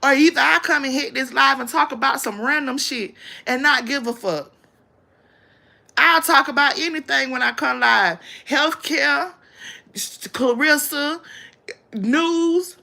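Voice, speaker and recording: A woman rants on her own livestream, blunt, confrontational and full of profanity. Her voice sits high and sounds bright and edgy, with a gravelly fry running through it. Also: normal speed. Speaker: livestream host. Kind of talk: ranting live-stream commentary.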